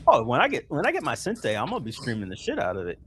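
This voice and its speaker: A man's voice: mid-range voice, huge pitch swings, fast talker, a bit bright, slight background noise. A man hosting a casual livestream, venting with profanity and frequent laughter. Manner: frustrated, profane, laughing between complaints. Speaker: stream host.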